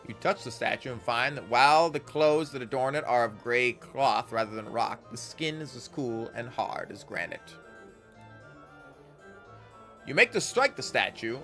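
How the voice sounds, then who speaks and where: A man's voice: medium pitch, moderate pace, few pauses, a bit bright, faint music behind. A man streaming a game, reading its text aloud and rambling casually with his chat, correcting himself as he goes.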